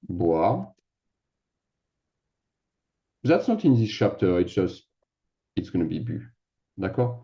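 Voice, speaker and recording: This man speaks with a low pitch and a French accent, being a native French speaker, and the recording sounds muffled. He explains grammar like a teacher in a relaxed classroom, scattering French fillers and frequently checking in with "d'accord?".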